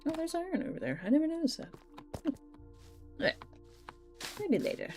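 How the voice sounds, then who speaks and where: A woman's voice: huge pitch swings, fairly quick, dark tone, soft background music. A woman chatting casually while livestreaming a video game, swearing freely and reading chat messages aloud. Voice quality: medium-pitched voice she wishes were deeper. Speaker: streamer.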